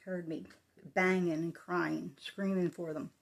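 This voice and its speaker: A woman telling a personal story in a soft, halting, emotional way, often dropping into a breathy whisper. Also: on the low side, level tone. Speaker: vlogger.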